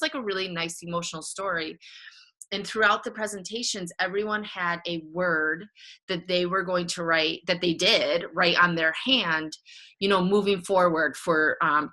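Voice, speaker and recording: A woman's voice: lowish voice, sharp tone. A woman fitness coach speaking earnestly to her team on a video call, casual with many "like"s. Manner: earnest and casual, says "like" often.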